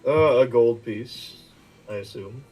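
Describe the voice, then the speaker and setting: A man's voice: medium pitch, slow pace, darkish tone, rough recording. Laughing, stammering man at the table. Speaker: player. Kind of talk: casual chat.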